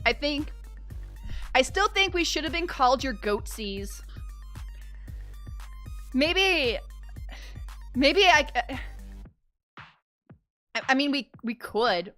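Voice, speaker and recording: A young woman streamer chatting casually with her viewers, animated and playful, swearing freely and laughing often. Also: high-pitched, moderate pace, faint music behind. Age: young adult. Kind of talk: casual livestream chat.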